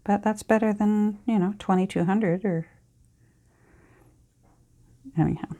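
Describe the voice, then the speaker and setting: A middle-aged Canadian woman who vlogs about crafting chatters casually as she works, rambling and scolding herself with plenty of ums and sighs. Her voice is mid-range and dark in tone, steady, and fairly quick.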